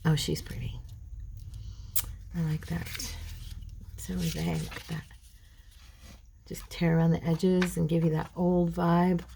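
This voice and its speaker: A middle-aged woman hosting a crafting video at home, chatting casually and rambling between tasks, clearing a frog in her throat. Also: fairly low pitch, steady tone, measured pace, long pauses, background noise. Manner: rambling, chatty, addresses viewers as girls. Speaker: craft channel host.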